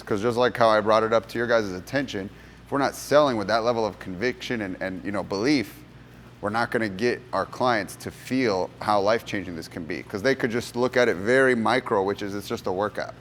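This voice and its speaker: A low-pitched man leads a sales workshop for gym coaches, talking with lively conviction. He slips into the voices of the people in his stories as he tells them. His voice rings out with the long reverb of a large room. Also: a little hiss or hum. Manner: animated storyteller, acts out courtroom voices. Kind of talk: motivational workshop talk with storytelling.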